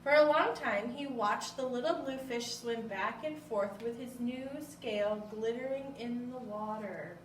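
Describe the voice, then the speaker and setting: A woman hosting a library storytime, reading a picture book aloud with gentle expression. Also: on the high side, a little slow, hardly any pauses, slight background noise. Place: library room. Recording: echoey room, mic far off.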